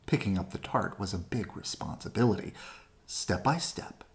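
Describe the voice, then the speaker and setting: Low-voiced woman reading a picture book. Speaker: storybook reader. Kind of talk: children's read-aloud narration.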